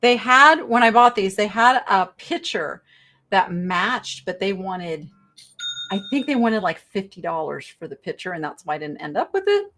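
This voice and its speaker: A middle-aged woman hosting a live online sale, chatting brightly with viewers and describing thrift finds. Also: mid-range voice, very animated, normal speed. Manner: chatty, bubbly, reads viewer chat aloud. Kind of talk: live-stream sales chat.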